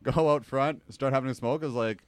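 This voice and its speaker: A man's voice: medium pitch, fairly quick, no echo. A young man telling a long story in a casual podcast chat, rambling and breaking into laughs. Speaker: podcast guest telling stories.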